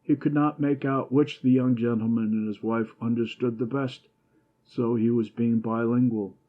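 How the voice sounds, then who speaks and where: A man narrating an audiobook in a measured, even storytelling manner. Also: mid-range voice, phone-quality sound. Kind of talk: scripted narration.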